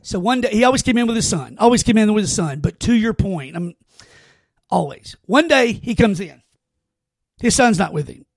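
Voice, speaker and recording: A man with a high, gravelly voice tells stories on a podcast. He talks earnestly and rambles, often restarting his sentences. The sound is close and dry. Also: lively intonation, moderate pace, no echo. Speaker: podcast host. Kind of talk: casual heartfelt conversation.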